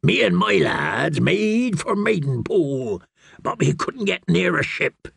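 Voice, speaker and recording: A man's voice: fairly high pitch, wildly swooping pitch, slow pace, creaky, fairly bright tone, husky, no room sound, studio quality, exaggerated voice. A man doing a drawling, mocking outlaw. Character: sly male outlaw with a drawl.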